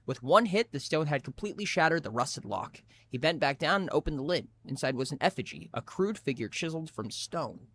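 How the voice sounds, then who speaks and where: Expressive male streamer reading aloud. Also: on the high side, fairly quick, hardly any pauses, slight background noise. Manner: expressive reading with frequent restarts.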